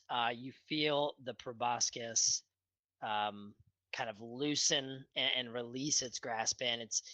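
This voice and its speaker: Bright-voiced man running a tabletop game. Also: medium pitch, no room sound, rough recording. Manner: hesitant, filler-heavy narration. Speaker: game master.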